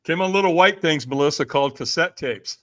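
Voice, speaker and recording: A man's voice: fairly high pitch, brisk, fairly bright tone. An older man, a guest in an interview, telling a story with a lot of energy, acting out the voices in it and laughing often. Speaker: podcast guest, personal development speaker.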